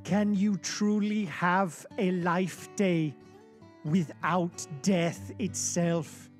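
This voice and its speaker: A man's voice: high voice, steady tone, soft background music. A man doing a brooding German narrator. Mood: solemn, brooding. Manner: slow, solemn, portentous narration.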